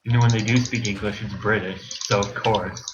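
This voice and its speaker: Sarcastic low-voiced man joking around. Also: fairly even intonation, normal speed. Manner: sarcastic, joking, self-mocking. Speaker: let's play co-host. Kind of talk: casual gaming chat. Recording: lo-fi mic with hiss and keyboard clicks.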